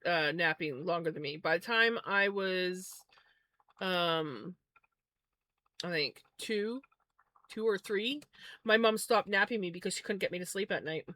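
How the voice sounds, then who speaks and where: A woman's voice: lowish voice, measured pace, long pauses, sharp tone, dry recording. A woman livestreamer chatting casually and musing aloud while spinning yarn, often correcting herself.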